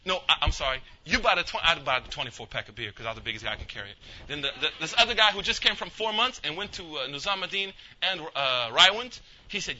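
A man's voice: a little high, sing-song, fast, hardly any pauses, sharp tone, a little hiss or hum. A male imam giving a casual, storytelling religious talk. He acts out the people in his story and mixes street slang with Arabic religious phrases. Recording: dull lo-fi recording.

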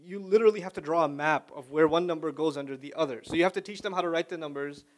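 A man giving a religious talk to a young audience, telling stories with big swings from quiet to loud and asking listeners questions. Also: on the high side, quick pace. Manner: animated storyteller with wide swings in loudness; conversational, asks listeners questions. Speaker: Islamic lecturer.

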